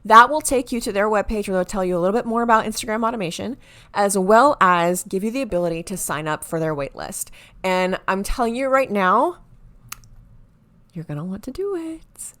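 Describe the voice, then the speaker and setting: A woman hosting a marketing explainer video, talking excitedly and sometimes stumbling over her words, with quiet asides. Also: medium pitch, brisk. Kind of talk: enthusiastic to-camera explainer.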